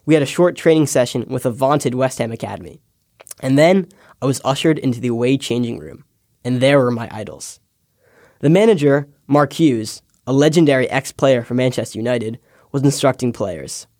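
A young man, a podcast intern, reading a scripted personal essay with wry, deadpan asides. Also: mid-range voice, moderate pace, dry recording, clean studio sound. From United States. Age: young adult.

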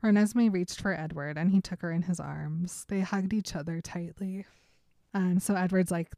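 A woman's voice: fairly low pitch, steady tone, moderate pace, vocal fry, mellow, dry recording, clean studio sound. A woman co-hosting a casual chat, retelling a book's scenes and reading quotes aloud with frequent giggles. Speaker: podcast co-host recapping a book.

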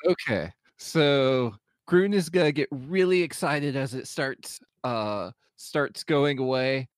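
A man playing a tabletop game, describing his character's actions in a measured way. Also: mid-range voice, no echo, studio quality. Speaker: player.

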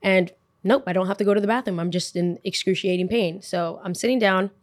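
A woman's voice: medium pitch, brisk, no echo. Young woman host, casual storyteller, chatty and dramatic, dry close mic. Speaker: podcast host.

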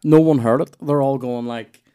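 A man's voice: mid-range voice, moderate pace, warm tone, clean tone. A Northern Irish man telling loose, rambling stories in casual podcast chat, with restarts and swearing.

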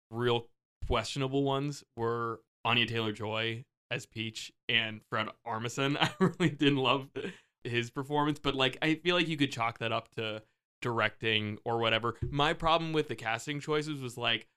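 Young man, bright voice, crisp, joking, rambling, casual podcast chat. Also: medium pitch, measured pace. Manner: joking, rambling, fond of filler words. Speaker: podcast co-host.

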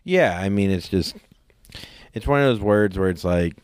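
This forties-aged podcast co-host has a smooth, low-sitting voice and talks at a normal speed while sharing a story in casual chat. He acts out quotes animatedly in a raised voice, captured in a dry, studio-quality recording.

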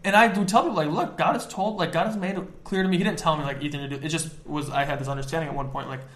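A man's voice: on the high side, roomy sound. A young man co-hosting a casual faith podcast, chatting energetically and peppering his talk with "like" and "dude". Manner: fast, energetic, filler-heavy with frequent "like" and "dude". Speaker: podcast co-host.

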